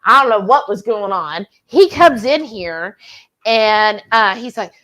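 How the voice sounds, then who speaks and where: A live-stream host with an expressive, medium-pitched, fairly bright voice speaks at a measured pace while reading comments and telling stories. She's a giggly, chatty storyteller who laughs a lot, though the audio quality is poor.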